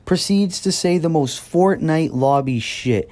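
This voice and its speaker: A man's voice: medium pitch, very animated, normal speed, hardly any pauses, a little mellow. Fired-up young man ranting angrily. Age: 20s. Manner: angry, profane, sarcastic, mocks others in a whiny voice. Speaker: wrestling commentator. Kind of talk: heated rant.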